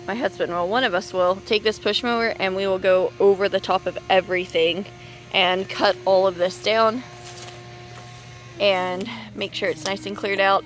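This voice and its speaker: A woman in her thirties rambles cheerfully to a handheld camera as she works outside, slightly out of breath. Her pitch sits in an ordinary middle range. A faint outdoor hiss sits under her voice. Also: fairly bright tone. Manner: chatty and rambling, thinking aloud. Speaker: homesteading vlogger. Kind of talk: casual outdoor vlog narration. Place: outdoors in a yard clearing brush.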